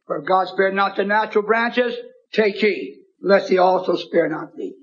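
A high-voiced man preaching a fiery sermon in a church, quoting scripture and hammering his refrains until he is nearly shouting. The old tape sounds dull and lo-fi. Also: normal speed. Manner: impassioned, repeats refrains, rising to shouts.

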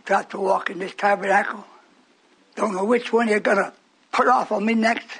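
A man in his eighties preaching a sermon, scolding and rambling, breaking into shouts at his congregation. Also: extremely high pitch. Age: 80s. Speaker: pastor.

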